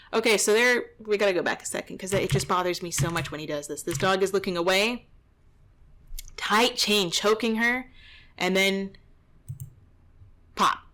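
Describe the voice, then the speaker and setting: Woman dog trainer, mid-pitched, reacting to footage with indignant, exasperated commentary. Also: fairly bright tone. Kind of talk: reaction commentary over a video.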